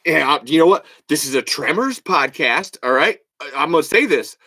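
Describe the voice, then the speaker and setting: A man with a high, bright voice hosts a solo podcast, ranting fast and swearing freely. His delivery swings into loud bursts as he argues his point. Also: expressive, dry recording. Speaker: podcast host. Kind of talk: solo podcast rant reading comments.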